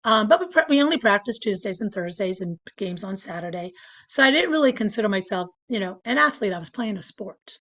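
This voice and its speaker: A woman's voice: medium pitch, expressive, a little fast, fairly bright tone, dull audio. A woman in her sixties, chatting casually as an interview guest, with lots of fillers and frequent laughter. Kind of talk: casual storytelling.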